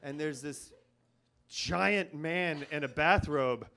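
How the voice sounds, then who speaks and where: A man's voice: a little high, slow, creaky, bright, forceful tone. A man telling a rambling comic story on stage at a live show, nervous and full of restarts and fillers. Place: live comedy venue.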